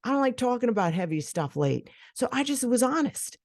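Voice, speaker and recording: A woman's voice: on the high side, big pitch swings, fairly quick, a little mellow, no room sound. A middle-aged woman hosting a solo podcast, speaking frankly and swearing casually. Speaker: podcast host.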